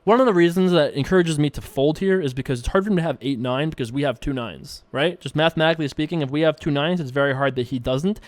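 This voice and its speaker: A man's voice: a little high, no echo. Chatty man commentating poker. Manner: chatty, thinks out loud, playful asides. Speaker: poker streamer and show host. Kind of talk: casual commentary while playing online poker.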